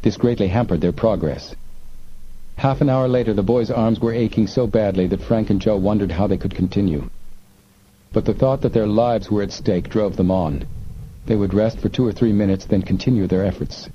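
A man reading an adventure story aloud in a measured, even way, in a dull recording with faint hiss. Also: fairly low pitch. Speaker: audiobook narrator. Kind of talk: scripted narration.

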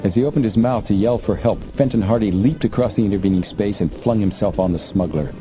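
A man narrating an audiobook in a measured, steady manner. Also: lowish voice, lo-fi sound, music in the background. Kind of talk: scripted narration.

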